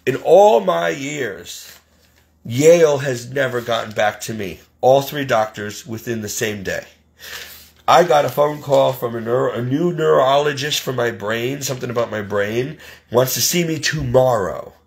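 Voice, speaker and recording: A man's voice: mid-range voice, a little slow, vocal fry. A man in his forties talking in a casual vlog, tearful and crying, rambling and exasperated. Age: 40s.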